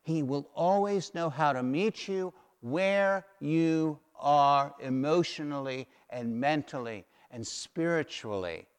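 Middle-aged male preacher, fairly high voice, slow deliberate sermon delivery with repeated lines, long hall reverb. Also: clear, resonant tone. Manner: emphatic, repeats key phrases.

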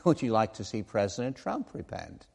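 A man's voice: fairly low pitch, big pitch swings, moderate pace, creaky, darkish tone, breathy edge. A man preaching a sermon in an earnest, conversational way, with asides and self-corrections. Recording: long hall reverb.

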